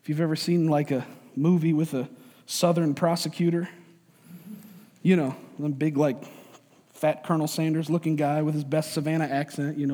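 A man's voice: a little high, moderate pace, a little mellow, in a large hall. A man preaching a sermon as a pastor, conversational and joking, acting out voices to make his points.

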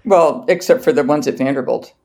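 A woman's voice: sits low, brisk, warm tone. An older woman from Massachusetts, a guest scholar on a podcast interview, speaking in a precise, dry and witty way. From southeastern Massachusetts.

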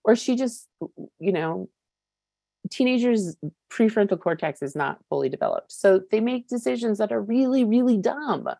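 A woman's voice: medium pitch, animated, moderate pace, gravelly, mellow, no room sound. A woman in her fifties giving a personal recovery share, candid and searching, with many fillers and casual swearing. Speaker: recovery meeting speaker.

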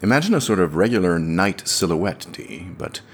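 A man's voice: low-pitched, sing-song, moderate pace, slight background noise. A young man playing a cheeky dream traveler, narrating in a wry, chatty way. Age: young adult. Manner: wry, conversational storytelling. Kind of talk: audio drama monologue narration.

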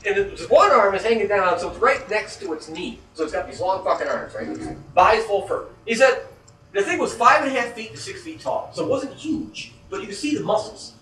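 Animated, profane man telling a story. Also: high voice, fairly quick, a little hiss or hum. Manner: profane, animated storyteller who acts out scared reactions. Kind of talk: casual storytelling. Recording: echoey room heard from a distance.

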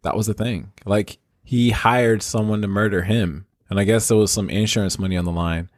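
A man's voice: on the low side, steady tone, normal speed, dry recording, clean studio sound. A man co-hosting a podcast in casual, rambling chat, with loose, profane talk. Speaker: podcast co-host.

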